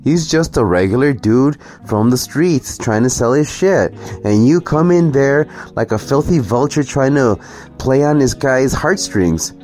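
A man's voice: medium pitch, lively intonation, unhurried, darkish tone, soft background music. Cussing guy ranting on his vlog, sarcastic, voice all over the place. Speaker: commentary vlogger. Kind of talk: ranting reaction commentary.

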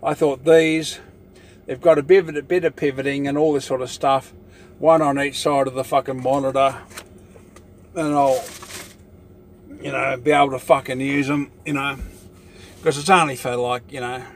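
A man's voice: medium pitch, fairly even intonation, moderate pace, a little hiss or hum. An older Australian man talking in a rambling, profane casual monologue, filling his talk with "you know".

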